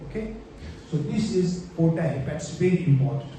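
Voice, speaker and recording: Male medical lecturer with a dark, mellow tone, heard from a distance in a very echoey room, prompting students with questions. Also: on the high side, big pitch swings, brisk. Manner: explanatory, checks in often with rhetorical questions. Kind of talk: exam-prep anatomy lecture. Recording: very echoey room, distant mic, faint noise.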